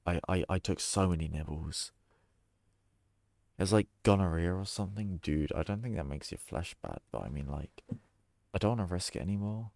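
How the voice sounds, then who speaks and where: A man's voice: deep voice, lively intonation, moderate pace, creaky, darkish tone, no room sound. A man streaming a horror game, joking and chatting casually with plenty of swearing. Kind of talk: gaming stream commentary.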